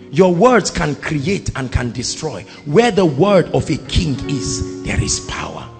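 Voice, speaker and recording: A Nigerian man preaching a sermon, swinging from loud shouted declarations to low quiet asides. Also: gravelly. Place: large church hall. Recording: echoing hall with faint music.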